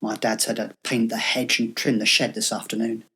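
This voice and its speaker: A man performing scripted comedy dialogue in a deadpan, grumbling manner. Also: on the low side, normal speed, husky. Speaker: comedy co-host.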